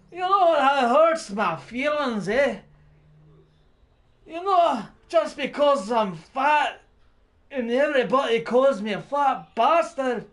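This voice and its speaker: Casting: hombre que imita a un gordo quejica con acento escocés fingido, voz aguda y resentida. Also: male voice, very high-pitched, a bit bright, exaggerated voice. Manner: whiny, mock-wounded, comic. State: drunk. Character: fat, touchy, self-pitying brogue-speaking man.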